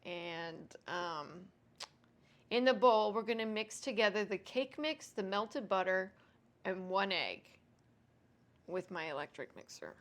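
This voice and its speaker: Cooking on her home vlog, this host talks to viewers in a relaxed, self-deprecating way, her medium-pitched voice fairly bright in tone.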